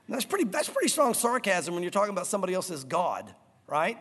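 A man preaching a sermon to his congregation, animated and emphatic, with a long hall reverb. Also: sits high, quick pace. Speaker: pastor.

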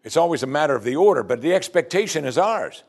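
Speaking fast in a fairly high-pitched voice, this male pastor teaches from scripture during his sermon. His preaching is animated, and he voices his listeners' prayers as quotations.

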